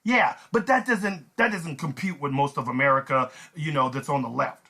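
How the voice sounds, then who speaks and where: A man hosting his own vlog, delivering a sarcastic, animated rant of commentary. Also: on the high side, moderate pace. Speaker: channel host.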